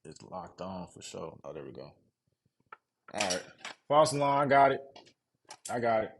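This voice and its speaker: Young Mississippi guy, Southern accent, lowish voice, relaxed slangy live-stream chatter. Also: normal speed, slight background noise. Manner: laid-back slangy talk, reads chat aloud. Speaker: streamer building a PC. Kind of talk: casual live-stream chat to viewers.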